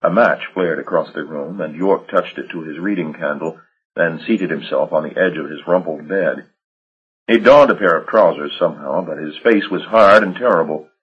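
Deep husky male audiobook narrator. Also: narrow, tinny audio. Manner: measured, dramatic storytelling.

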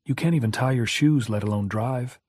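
A man's voice: medium pitch, a little fast, a little mellow, dry recording, studio quality, natural voice. A man voicing an anxious young wife who is frightened and pleading, with a slightly raised voice.

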